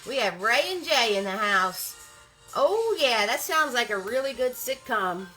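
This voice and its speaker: A woman's voice: fairly high pitch, very animated, unhurried, bright, forceful tone, soft background music, poor audio. A woman hosting a live-streamed painting class, upbeat and greeting viewers by name as they join.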